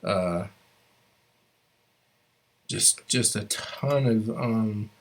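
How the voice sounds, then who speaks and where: A man's voice: fairly low pitch, drawn-out words. A man teaching a language class online, talking loosely with lots of fillers and restarts while sharing his screen. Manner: relaxed, many fillers and restarts.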